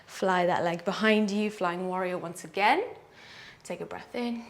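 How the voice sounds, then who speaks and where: Female yoga teacher, young adult, slow deliberate cueing, warm encouragement, counts holds out loud. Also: fairly low pitch. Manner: calm, encouraging cues, counting holds aloud. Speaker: yoga instructor. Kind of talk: guided yoga class cueing.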